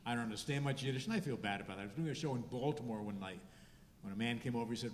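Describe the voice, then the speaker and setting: A man in his seventies, a rabbi and comedian, doing a stand-up set with dry, deadpan delivery and halting restarts. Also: mid-range voice. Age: 70s. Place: hall before a live audience. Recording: echoey hall, faint noise.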